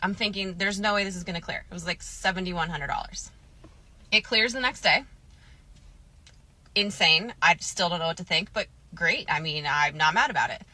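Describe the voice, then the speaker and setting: A woman telling a personal story to camera in a casual, animated, candid way. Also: lowish voice, normal speed. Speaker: storytime vlogger.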